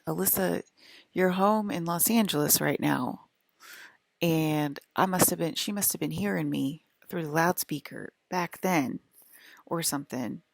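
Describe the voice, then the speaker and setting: A woman's voice: sits low, vocal fry, dry recording. A woman talking casually to her viewers in a loose, rambling monologue full of "like" fillers. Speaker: vlogger.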